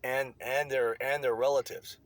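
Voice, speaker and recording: A man's voice: medium pitch, flat delivery, normal speed, dry recording. A man delivering a blunt, profane opinion rant to his online viewers. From United States. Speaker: vlogger.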